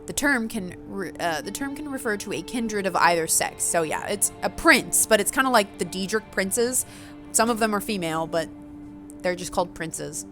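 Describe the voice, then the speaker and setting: A woman's voice: medium pitch, lively intonation, moderate pace, fairly bright tone. Woman narrating a vampire story game, chatty and self-mocking, faint music behind. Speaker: player reading a story game aloud. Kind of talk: casual game playthrough with read-aloud narration.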